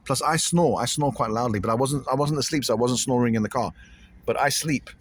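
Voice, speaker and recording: A man's voice: mid-range voice, brisk, a little hiss or hum. A man vlogging casually to camera, rambling and repeating himself in an uneasy way.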